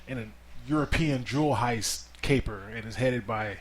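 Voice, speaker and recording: A middle-aged man hosting a relaxed family movie review podcast, easygoing and steering the talk with guiding questions. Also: medium pitch, moderate pace, a little hiss or hum. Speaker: podcast host interviewing his child.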